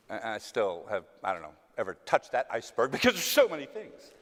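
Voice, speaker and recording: A man with a light Texan twang tells stories from a theater stage, self-deprecating and playing out every voice he quotes. His pitch swings freely, and a long hall reverb trails each phrase. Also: a little fast, hardly any pauses. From West Texas. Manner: animated, self-mocking, acts out quoted voices. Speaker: actor answering audience questions. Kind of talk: casual storytelling Q&A.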